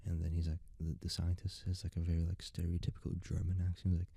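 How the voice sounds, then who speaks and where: Soft-spoken young man rambling, gravelly and dark. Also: low-pitched, monotone, quick pace, dry recording. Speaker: ASMR creator.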